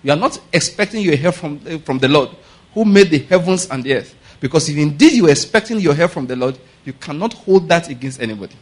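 A man's voice: fairly high pitch, fast. A man preaching a sermon, often checking with his congregation that they follow him, breaking into pidgin and laughter as he tells stories. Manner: animated storytelling with pidgin asides, laughing; repeats questions to the congregation. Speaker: pastor.

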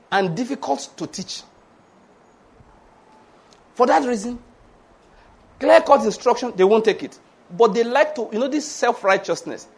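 A male preacher with a fairly high, husky voice. He delivers a lively sermon, chuckles as he goes, and slips into little acted voices for the people he quotes. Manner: lively, laughs often, acts out quoted voices.

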